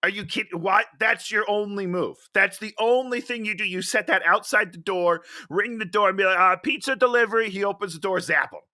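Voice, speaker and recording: A man's voice: high-pitched, a little fast, hardly any pauses, no echo, studio quality. A man co-hosting a casual comedic movie review podcast, ranting in disbelief and laughing often. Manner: animated, incredulous ranting with frequent laughs. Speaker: podcast co-host.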